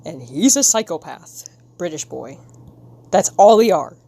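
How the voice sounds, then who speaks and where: A woman's voice: on the low side, lively intonation, unhurried, gravelly, mellow. A woman streamer chatting casually with her viewers while she draws, giggling and rambling in a silly way. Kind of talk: casual live-stream chat while drawing.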